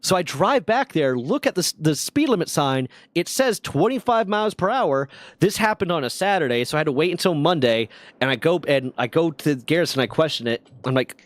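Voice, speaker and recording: A man's voice: fairly high pitch, fairly quick, no room sound. A man telling casual, rambling, profane stories while streaming a game. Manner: rambling, profane, lively anecdotes. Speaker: streamer and storyteller. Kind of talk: casual storytelling while gaming.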